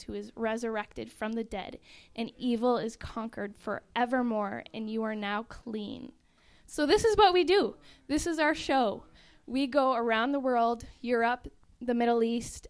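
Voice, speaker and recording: A young woman, an actress in a touring ministry show, vividly and earnestly describing the show to an audience. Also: on the high side.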